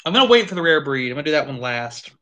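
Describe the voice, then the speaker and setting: A host casually chatting through a live whiskey tasting, animated, thinking aloud and swearing now and then. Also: mid-range voice, very fast, slight background noise.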